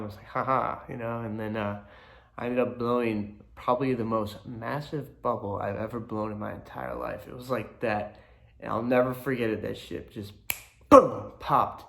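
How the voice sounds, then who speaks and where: A man's voice: lowish voice, creaky. A young man casually telling stories from his school days, rambling with lots of fillers. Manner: laid-back, rambling, many fillers. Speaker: storyteller. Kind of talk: casual storytelling to camera.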